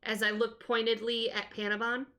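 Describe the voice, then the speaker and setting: A woman's voice: a little high, little pitch movement, normal speed, pushed and bright. A woman player in a tabletop game, blunt and exasperated. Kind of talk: tabletop role-play.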